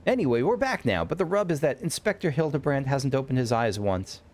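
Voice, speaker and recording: A man's voice: mid-range voice, very animated, brisk, a little mellow, soft background music, close to an everyday voice. A man reading game dialogue aloud as a cheerful young woman assisting a detective, chatty and upbeat.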